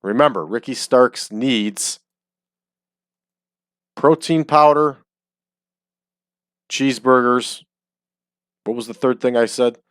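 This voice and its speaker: A man's voice: medium pitch, slow pace, long pauses, fairly bright tone, clear, resonant tone, no echo, studio quality. A man giving casual, chatty commentary while he plays a game, joking and using frequent ums. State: hiccups. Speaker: game streamer. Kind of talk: casual let's-play commentary. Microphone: desk microphone.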